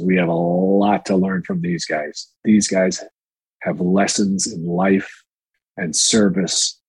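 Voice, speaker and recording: A man's voice: low-pitched, creaky, a little mellow, slightly rough, no echo, rough recording. A man telling candid, rambling anecdotes in a casual interview, profane and full of fillers, on a close mic. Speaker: actor and guest.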